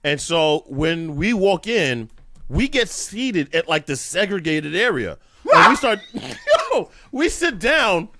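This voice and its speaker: A man's voice: sits high, slow pace, very noisy. A man co-hosting a casual studio talk show, telling stories with lots of laughter. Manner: animated storyteller, laughs often. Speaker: podcast co-host. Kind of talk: casual group chat. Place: small studio.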